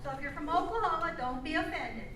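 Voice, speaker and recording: A woman's voice: sits high, quick pace. An older woman telling folksy jokes on stage at an amateur variety show, chatty and self-interrupting. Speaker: amateur performer. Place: community hall stage. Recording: echoey hall from far off, faint noise.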